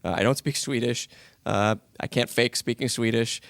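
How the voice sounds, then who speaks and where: A man, a voice actor telling a lively anecdote on a panel and acting out the lines he quotes. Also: medium pitch, moderate pace, dry recording, studio quality. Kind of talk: casual storytelling on a panel.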